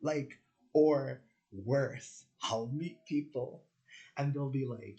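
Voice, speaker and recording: A spiritual vlogger with a medium-pitched, dark-toned male voice delivers a slow, casual, rambling monologue. He swears freely, uses lots of fillers, and acts out quoted conversations in different voices.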